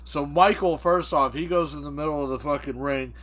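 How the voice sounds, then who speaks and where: A man's voice: a little high, fairly quick, fairly bright tone. A man co-hosting a podcast, riffing on a comic scenario with profanity in casual chat. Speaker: podcast co-host.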